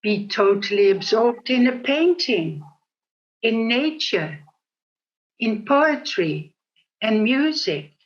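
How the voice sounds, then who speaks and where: An older woman giving a reflective spiritual talk on meditation, with a gentle storytelling manner, on a dull lo-fi recording. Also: fairly high pitch, big pitch swings, takes it slowly, long pauses. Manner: gentle storytelling, laughs at herself. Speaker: speaker on meditation.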